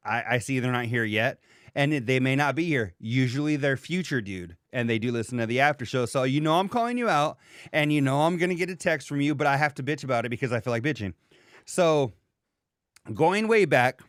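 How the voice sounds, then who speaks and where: A man's voice: mid-range voice, fairly bright tone, clean tone, dry recording, clean studio sound. A man hosting a casual podcast, telling stories in a profane, ranting way and acting out quoted dialogue. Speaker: podcast host.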